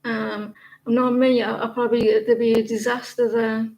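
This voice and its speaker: A British woman chatting loosely to her viewers on a livestream. Her voice sits a little high and has a gravelly, creaky edge. She rambles, trails off and restarts often, with plenty of fillers. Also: flat delivery, normal speed, a little mellow, rough recording. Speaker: tarot livestream host. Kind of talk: casual livestream chat with viewers.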